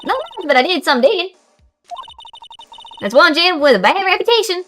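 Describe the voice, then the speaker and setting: Brief: woman voicing brash young Southern-twang photographer, loud, drawling; soft music under. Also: very high voice, sing-song, moderate pace, voice pushed up, exaggerated voice. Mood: gossipy. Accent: put-on American Southern.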